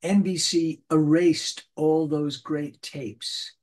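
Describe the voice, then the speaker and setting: Speaking slowly in a high-leaning voice, an older man appears as a voice actor guest in a casual interview. He tells his stories with animation, doing little voices as he goes.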